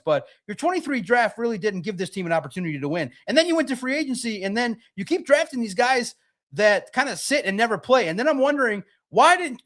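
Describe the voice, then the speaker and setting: A young adult man hosting a live sports podcast, talking in an animated, rapid-fire way and restarting his sentences often. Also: high voice. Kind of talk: live-stream sports commentary.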